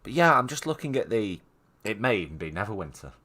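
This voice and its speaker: Deep-voiced Manchester streamer. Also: male voice, very animated, fast talker, pushed and bright. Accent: Mancunian. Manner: blunt, sweary, chatty. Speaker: game streamer. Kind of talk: casual gameplay commentary.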